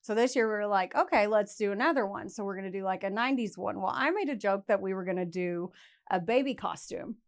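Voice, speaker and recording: A woman's voice: mid-range voice, fast talker. A woman, telling stories in a chatty, self-mocking way. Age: 30s. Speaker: podcast co-host. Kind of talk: casual podcast chat.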